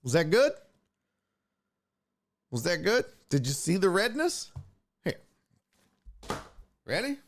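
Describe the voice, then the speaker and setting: A man's voice: high-pitched, slow, pauses often, a little hiss or hum. A young man hosting a casual sports podcast, joking around and cursing freely. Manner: profane, animated, joking. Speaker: podcast host.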